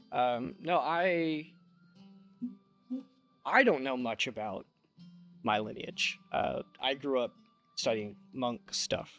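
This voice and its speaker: A man's voice: mid-range voice, fairly bright tone, close to an everyday voice. A man voicing an earnest young male dragon monk student who talks in a plain, slightly unsure way.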